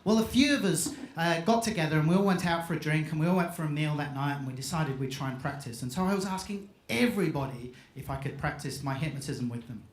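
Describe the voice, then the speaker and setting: A man's voice: on the high side, fast, hardly any pauses. A man giving a playful storytelling talk on stage at a live event, acting out the quotes. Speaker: event speaker. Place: live event hall with audience. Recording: echoey live hall recording.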